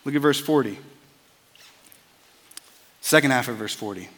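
A man's voice: mid-range voice, measured pace, fairly bright tone, long reverb tail. A man preaching a sermon as a pastor, earnest and conversational, often repeating words as he starts a phrase.

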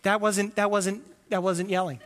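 Animated male pastor in a reverberant hall. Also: high-pitched, normal speed, a little hiss or hum. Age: adult with children. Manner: animated, acts out voices with loud comic bursts. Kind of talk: sermon.

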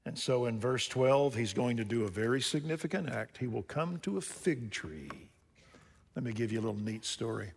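A man preaching a sermon, swinging between loud rising emphasis and hushed, quiet passages. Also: mid-range voice, animated, moderate pace, vocal fry, husky. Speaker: pastor. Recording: long hall reverb.

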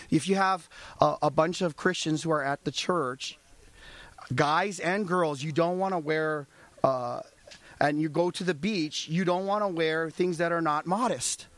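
A man's voice: on the high side, normal speed, a bit bright. A male pastor preaching a sermon, asking the congregation rhetorical questions and acting out little dialogues.

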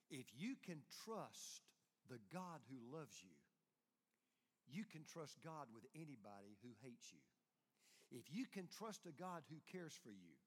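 A man preaching a sermon as a pastor, swinging from hushed, close lines to loud, rising calls to the congregation. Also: medium pitch, breathy edge. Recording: long hall reverb.

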